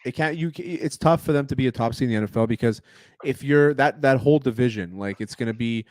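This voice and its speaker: A man's voice: medium pitch, fast, a little mellow, no room sound. A man co-hosting a casual sports podcast, blunt and cursing, tripping over his own words. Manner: blunt, stumbles and restarts, swears. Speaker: podcast co-host.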